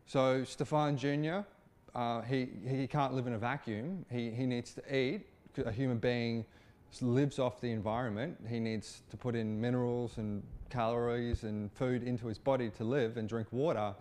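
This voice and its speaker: A man giving satirical political commentary, mid-pitched and informal. He often stumbles and restarts his phrases, and his delivery stays loose and conversational throughout. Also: steady tone, normal speed, a little mellow. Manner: informal, repetitive restarts, occasional swearing.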